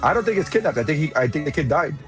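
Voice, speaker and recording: A man's voice: fairly high pitch, animated, rapid-fire, music in the background. A young man co-hosting a casual podcast chat, rambling with lots of restarts and swearing freely. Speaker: podcast co-host.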